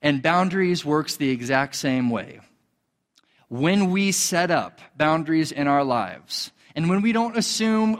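A man preaching a sermon as a pastor, animated, acting out quoted voices. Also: measured pace, long reverb tail. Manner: animated, acts out quoted voices in a higher pitch.

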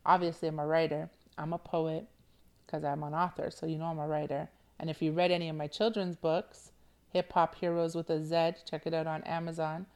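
A woman's voice: low-pitched, level tone, fairly quick, darkish tone. A woman hosting a motivational podcast, playful and affectionate, coaxing her listeners with repeated check-ins. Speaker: podcast host.

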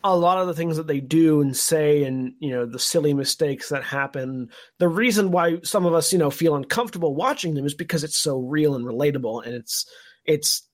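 A man's voice: fairly high pitch, brisk. Rambling man recapping a show. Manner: thoughtful, recaps at length with many fillers. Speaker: podcast co-host. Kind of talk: casual podcast discussion.

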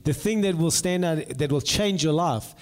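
A man's voice: a little high, moderate pace. A man speaking in a church service, giving an earnest, emphatic testimony. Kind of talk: testimony-style church talk. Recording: long hall reverb.

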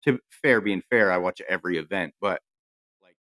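A man's voice: low-pitched, normal speed, a bit bright, no room sound, studio quality. A man from Maine co-hosting a podcast, talking bluntly and profanely in casual chat. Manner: blunt, profane fight-fan banter. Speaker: podcast co-host.

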